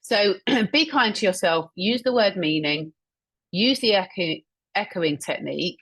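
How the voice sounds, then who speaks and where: A woman's voice: medium pitch, lively intonation, measured pace, fairly bright tone, husky. A woman presenting an instructional webinar on a video call, speaking in an encouraging way and explaining points through examples she repeats back. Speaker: webinar presenter and communication trainer.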